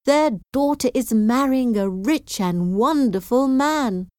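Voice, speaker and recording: A woman's voice: on the high side, lively intonation, slow pace, warm tone, clean tone, no room sound, studio quality, pitched above the performer's own voice. A woman reading aloud voices gossiping townsfolk who speak in an exclaiming way. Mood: gossipy.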